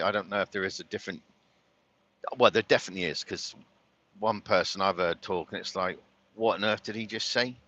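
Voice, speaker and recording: A man's voice: on the low side, sharp tone. A man from London with a London accent, chatting casually and rambling while he drives, laughing often. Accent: London English. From London, England. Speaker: vlogger. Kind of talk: casual chat while driving.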